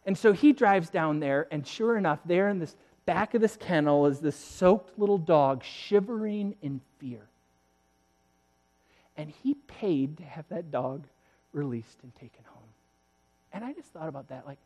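Storytelling pastor, a man swinging soft to loud. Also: on the high side, lively intonation, moderate pace. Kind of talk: sermon.

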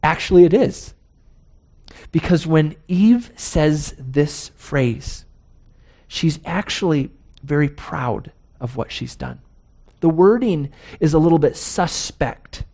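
A man preaching a sermon as pastor, emphatic, posing rhetorical questions and slowing down to stress key words. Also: a little high, expressive, mellow.

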